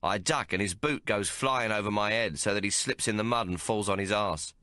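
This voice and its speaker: A man narrating an audiobook in the first person with rough, colloquial frontier dialect. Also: on the low side, brisk, sharp tone, dry recording, clean studio sound.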